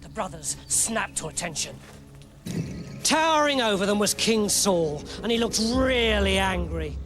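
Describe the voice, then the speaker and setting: A man narrating a children's story, lively and playful. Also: high voice, unhurried. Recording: music playing under the voice.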